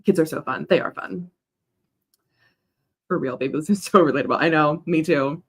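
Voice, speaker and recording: A woman's voice: deep voice, normal speed, breathy edge. A young woman hosting a casual co-working stream. She rambles between chat messages and coos at her dog. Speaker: writing livestream host.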